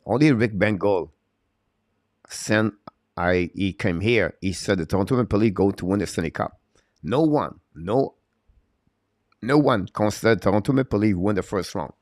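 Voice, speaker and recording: Man, low deep voice, hockey stream host, halting, lots of fillers, broken grammar, dry close sound. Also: a little mellow, no room sound. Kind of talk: live-stream chat answering viewers.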